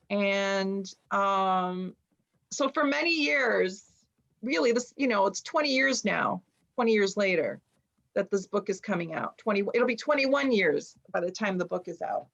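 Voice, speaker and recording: A woman's voice: mid-range voice, unhurried, creaky, fairly bright tone. A middle-aged woman from the United States, an author and journalist, tells a personal story in conversation at home over a video call. She uses many fillers and acts out the people she quotes. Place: home room with bookshelves behind her. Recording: dull lo-fi sound.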